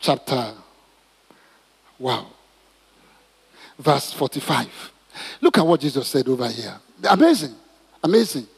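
Preacher in an echoing hall. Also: male voice, mid-range voice, moderate pace, vocal fry, long pauses, breathy edge. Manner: emphatic, repetitive, animated preaching with stammered restarts. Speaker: pastor. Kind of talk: sermon.

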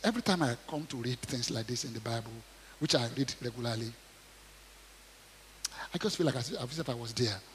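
A man preaching a sermon, reading scripture aloud and commenting on it, swinging between quiet asides and loud acted quotes, often asking the audience questions. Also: mid-range voice, animated, fairly quick, long pauses, long reverb tail, a little hiss or hum. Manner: asks the audience questions, repeats words.

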